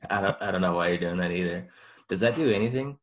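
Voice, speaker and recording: A man's voice: sits low, fast. A man co-hosting a podcast, telling casual stories in a rambling way. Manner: rambling, many "like" fillers. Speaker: podcast co-host. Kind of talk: casual chat.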